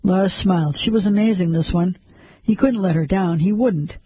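A man reading a story aloud as narrator, in a steady, measured way. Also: high-pitched, husky, no room sound, rough recording.

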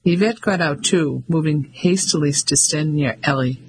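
A man narrating an audiobook in a steady, descriptive manner. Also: on the high side, normal speed, a little hiss or hum, rough recording.

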